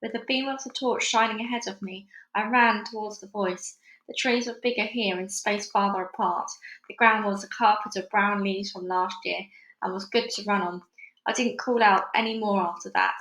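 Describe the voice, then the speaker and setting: A woman's voice: mid-range voice, steady tone, normal speed, fairly bright tone. Lady doing a read-along of a kids' book at home, chatty, echoey room. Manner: casual, chatty with fillers. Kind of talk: reading a children's book aloud. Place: busy house.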